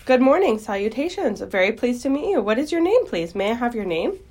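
A woman voicing an eager, earnest young male pig who speaks politely and excitedly in a storybook reading. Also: medium pitch, moderate pace.

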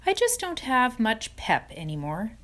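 A woman's voice: on the high side, huge pitch swings, measured pace, pitched above the performer's own voice, full character voice. A woman doing a weak, weary wise spider. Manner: gentle, quiet, slipping to a whisper. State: weak, tired voice. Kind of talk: storybook reading.

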